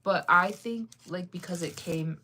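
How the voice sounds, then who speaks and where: A young woman with a slightly low voice chats with viewers while she reads comments. She keeps it loose and talkative and laughs often. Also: measured pace, sharp tone, slight background noise. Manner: chatty, laughs often, sings snippets off-key. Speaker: livestreamer reading comments. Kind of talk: casual chat with viewers.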